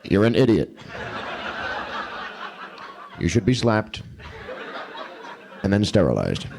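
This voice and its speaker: A man in his thirties performing a live stand-up routine, with an animated, exaggerated delivery and acted-out quotes. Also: lowish voice, slow pace, gravelly. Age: 30s. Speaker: stand-up comedian. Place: comedy club stage with audience. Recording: hissy early-1980s live club recording.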